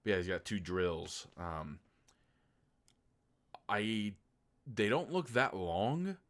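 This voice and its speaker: A young man from Oklahoma with a slightly low voice talks through a movie review in a loose, rambling way. He swears freely and acts out little quoted asides as he goes. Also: slow pace. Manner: rambling, profane, animated storytelling with quoted asides. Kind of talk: casual movie review monologue.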